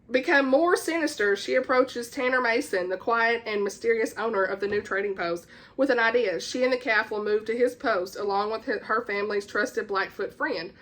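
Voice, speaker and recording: Bright, gushing Southern woman book vlogger. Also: fairly high pitch, expressive, normal speed. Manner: gushing and chatty, stumbles and laughs at own misreads. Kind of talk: casual book chat, reading blurbs aloud.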